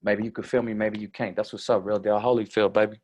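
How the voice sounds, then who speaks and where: A man's voice: fairly low pitch, little pitch movement, fast talker, darkish tone, close to an everyday voice. A man doing a swaggering slangy street guy. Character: laid-back slangy young street man.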